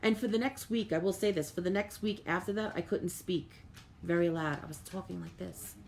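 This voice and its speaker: Speaking briskly in a lowish voice, a middle-aged medium runs a live stream and addresses viewers earnestly, often saying "like" and repeating words. She reads out comments and thanks viewers by name, with slight background noise present.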